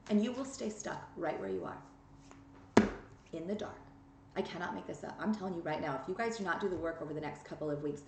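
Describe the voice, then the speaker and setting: Woman, tarot reader, blunt, scolding, emphatic, roomy echo, faint hiss. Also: fairly low pitch. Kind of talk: direct-to-camera tarot reading. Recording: echoey room with faint ambience.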